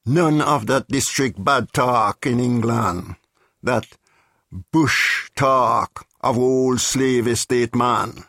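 A man's voice: medium pitch, slow pace, fairly bright tone, dry recording, clean studio sound. A man reading as a Caribbean man who proudly drills himself in a proper English voice, declaiming and mimicking posh phrases. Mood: proud, determined. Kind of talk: dramatic reading.

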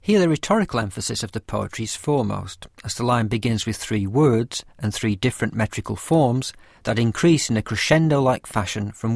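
Measured low-voiced man narrating a lecture. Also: vocal fry, no room sound, clean studio sound. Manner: measured, careful explanatory delivery. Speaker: teacher of poetry.

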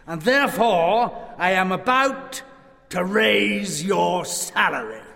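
Gruff growly old miser boss, a guy putting it on, high-ish voice, big hall echo. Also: lively intonation, takes it slowly, bright, forceful tone, full character voice. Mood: stern. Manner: growling, stern. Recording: long hall reverb.

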